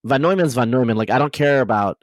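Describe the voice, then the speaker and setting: A man hosting a podcast interview, talking in a rapid, animated way with many fillers and restarts. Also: medium pitch, no echo. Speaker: podcast host. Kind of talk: casual conversational interview.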